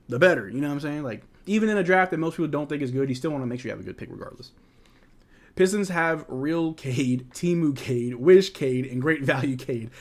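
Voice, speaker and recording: Excitable young-sounding male fan host. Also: on the high side. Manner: casual, excitable play-by-play mixed with candid fan opinions. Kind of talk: live watch-along commentary and chat.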